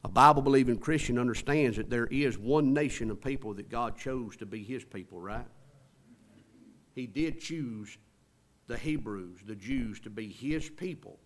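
A man preaching a sermon in a folksy way, talking straight to the congregation and swinging from hushed lines to loud emphatic ones. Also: medium pitch, moderate pace. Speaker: pastor.

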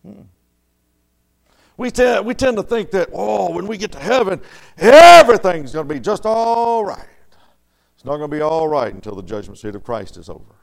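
A man preaching a storytelling sermon in a folksy way, dropping to soft murmurs and rising to loud, emphatic lines. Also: sits high, very animated, moderate pace, gravelly.

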